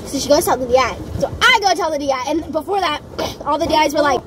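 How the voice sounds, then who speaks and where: Chatty young woman with a really high voice telling a story outside, noisy background. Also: quick pace. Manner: chatty, animated, many fillers. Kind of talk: casual storytelling.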